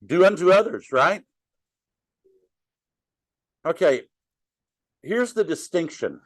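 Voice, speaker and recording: A man's voice: a little high, very animated, slow, dry recording. A middle-aged man teaching a Bible class in a conversational way, asking the class questions and joking with them. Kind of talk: interactive Bible study teaching.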